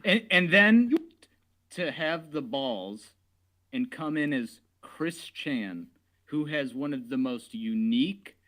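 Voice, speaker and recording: A man co-hosting a casual stream, joking, swearing and slipping into quick impressions. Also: mid-range voice, rough recording. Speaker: stream guest co-host.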